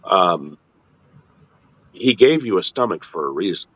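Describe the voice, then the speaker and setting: A middle-aged man hosting a casual ministry chat, explaining in a lively, halting way with frequent restarts. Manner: animated, repeats and restarts words, jumps into high mock voices. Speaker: ministry host.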